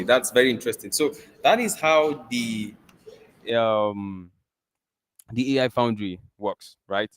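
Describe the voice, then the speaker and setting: A man from Nigeria with a Nigerian accent, presenting a live software demo in a casual, chatty way with plenty of fillers. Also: mid-range voice, slight background noise. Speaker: tech presenter.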